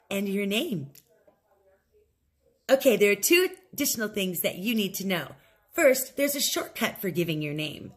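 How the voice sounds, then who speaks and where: A woman teaching an English lesson, modeling set phrases slowly and clearly for learners to repeat. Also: medium pitch, expressive. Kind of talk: recorded language lesson.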